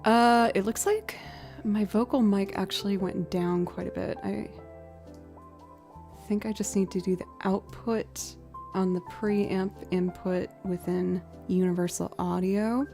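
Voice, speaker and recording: A woman's voice: mid-range voice, steady tone, unhurried, vocal fry, dark tone. Chatty American woman streamer, music behind. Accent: American, light Southern slips. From outside Boston, USA. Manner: chatty, self-deprecating, thinks aloud. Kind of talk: casual live-stream chat.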